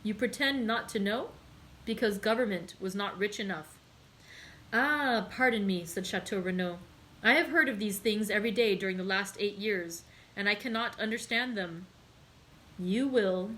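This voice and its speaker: A woman's voice: normal speed, poor audio. Woman reading a classic novel aloud. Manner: voices characters with raised pitch in excited dialogue. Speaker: library read-aloud host.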